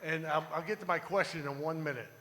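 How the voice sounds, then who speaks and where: A man's voice: fairly high pitch, fast talker, a bit bright, in a large hall, slight background noise. A man speaking plainly and earthily to an audience as host. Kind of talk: casual remarks to an audience.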